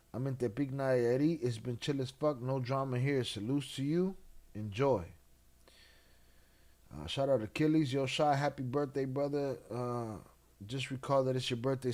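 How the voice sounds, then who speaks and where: A man with a medium-pitched voice hosts a casual late-night livestream. He's laid-back and heavy on slang, reading the chat and giving shout-outs.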